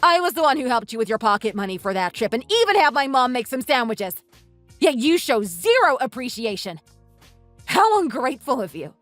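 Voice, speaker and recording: An earnest, fed-up young wife who scolds with lively, rising-and-falling pitch, as a woman voices her. Her tone stays fairly high. The take is dry and close, with music playing faintly underneath. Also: a little fast, no echo. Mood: indignant. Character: indignant young wife defending her family. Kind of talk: voiced texting story.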